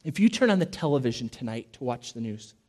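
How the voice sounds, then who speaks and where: A man preaching a sermon in an emphatic, repetitive way, slowing to stress key phrases and dropping his voice low. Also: very animated, darkish tone. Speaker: pastor.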